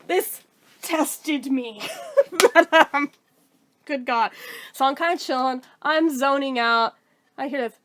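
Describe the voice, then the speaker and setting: A woman's voice: high voice, takes it slowly, pauses often, fairly bright tone, slight background noise. A woman casually telling a personal story to her viewers, candid and chatty, swearing freely.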